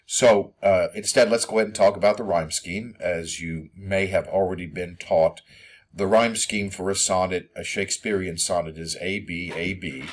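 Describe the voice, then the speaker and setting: A man giving a poetry lesson, reading verse slowly and filling his explanations with ums and uhs. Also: sits low. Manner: hesitant, many ums and uhs; slow, measured reading of verse. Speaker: teacher. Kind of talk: poetry lecture.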